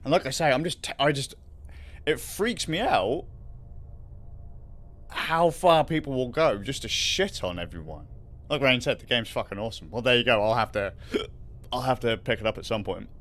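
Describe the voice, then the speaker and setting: A man's voice: mid-range voice, normal speed, a bit bright. A man hosting a livestream in casual, rambling chat, swearing freely and laughing often. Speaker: livestream host.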